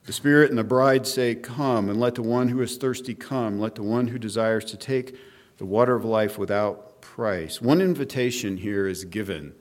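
A middle-aged male pastor preaching an expository sermon, reading scripture aloud and explaining it in a measured teaching manner, with frequent fillers and restarts. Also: medium pitch.

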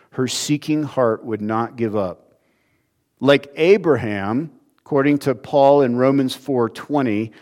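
A man preaching a sermon, expressive, moving between emphatic lines and hushed, quiet ones. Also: medium pitch.

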